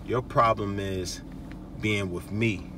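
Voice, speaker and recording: A man acts out a brash young street guy chatting someone up in loose slang, his tone dropped low and hushed. The voice sits a little back from the mic, with faint noise behind it. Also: steady tone, slow pace, far from the mic. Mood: cocky. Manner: cocky, casual street slang.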